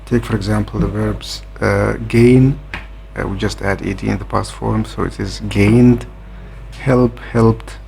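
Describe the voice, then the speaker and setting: A man explaining a grammar lesson in a measured way, pausing often with "uh" between points. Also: on the low side, steady tone, vocal fry, darkish tone, slight background noise. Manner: measured, with frequent "uh" hesitations. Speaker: grammar teacher.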